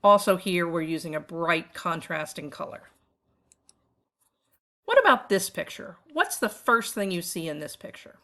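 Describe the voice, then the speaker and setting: Bright-voiced woman explaining art lessons. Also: lowish voice, sing-song, unhurried. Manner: clear, explanatory, asks questions to the listener. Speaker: art teacher. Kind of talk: instructional narration for teachers.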